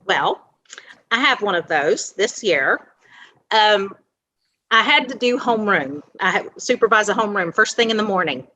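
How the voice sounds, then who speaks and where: A woman on the staff of a school, telling a story in a casual, lively way and acting out the people she quotes. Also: mid-range voice, moderate pace. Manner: animated anecdote with quoted dialogue.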